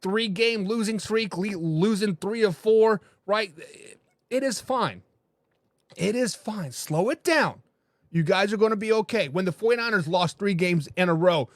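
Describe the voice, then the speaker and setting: Man, sports talk host, high voice, dry close sound, animated delivery. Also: no echo. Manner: animated, reads viewer comments aloud. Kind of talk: casual sports talk show.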